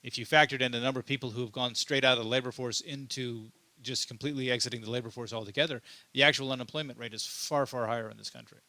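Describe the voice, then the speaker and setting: A political commentary host delivers an unscripted monologue in a medium-pitched, strongly bright and forward voice, talking quickly with fairly even intonation. He's emphatic, repeating himself and restarting often as he stumbles over words. The recording is very dry and close, with no room sound.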